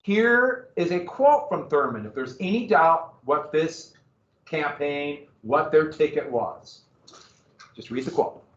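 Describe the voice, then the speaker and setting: A male history teacher lectures his class in a relaxed, conversational way, tossing in asides and questions to the students. His voice sits a bit on the high side. He was recorded from across a roomy, echoing classroom, and the sound is dull. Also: slow pace, distant mic.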